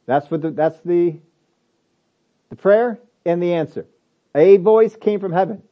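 Emphatic high-voiced male preacher. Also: unhurried, lo-fi sound. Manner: emphatic, repeats phrases, rhetorical questions. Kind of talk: sermon.

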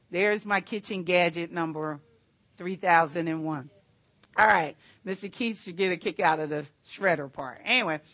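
A woman's voice: mid-range voice, dry recording. Chatty woman preacher, dry sound. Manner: chatty, animated storytelling with asides to the congregation. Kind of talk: sermon with personal story.

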